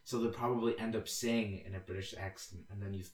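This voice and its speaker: A man's voice: fairly low pitch, fairly even intonation, fast talker. A man co-hosting a podcast in casual chat, goofy and rambling, laughing often. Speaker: podcast co-host.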